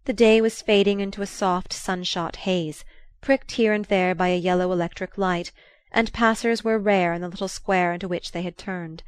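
A woman narrating a classic novel as an audiobook, in a measured, even, unhurried manner. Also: lowish voice, clean tone, no room sound, studio quality. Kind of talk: scripted literary narration.

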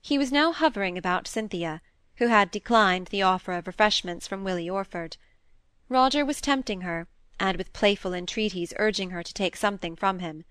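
A woman's voice: mid-range voice, normal speed, a bit bright, smooth, no room sound. Woman narrating a classic novel, dry sound. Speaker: audiobook narrator.

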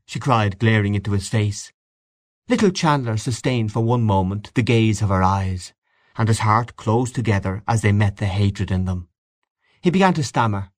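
A man narrates a classic short story in a steady, measured manner. His voice sits on the lower side. The recording is dry, with no room echo. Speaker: audiobook narrator. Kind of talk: scripted literary narration.

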